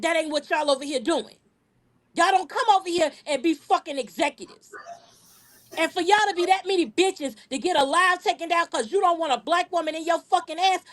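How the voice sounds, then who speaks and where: A woman hosting a live-streamed podcast, talking in an aggressive, profane, emphatic way and repeating words when heated. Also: extremely high pitch. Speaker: podcast host.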